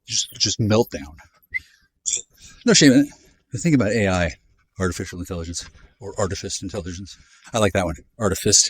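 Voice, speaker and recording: Low-voiced man in his fifties, sardonic profane vlogger on a walk, jumpy delivery. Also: fairly bright tone, dry recording. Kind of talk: rambling monologue while walking. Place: outdoors in a neighborhood.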